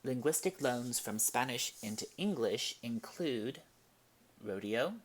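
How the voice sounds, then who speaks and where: Slow-paced male language teacher. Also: mid-range voice, expressive. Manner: slow, deliberate explanations with Spanish examples. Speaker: Spanish teacher. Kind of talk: classroom-style language lesson.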